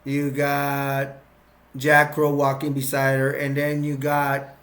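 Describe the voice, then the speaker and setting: A man casually retelling a movie plot, rambling and excitable, with restarts and sound effects. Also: mid-range voice, takes it slowly. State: sugar-boosted, energetic. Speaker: movie recap vlogger.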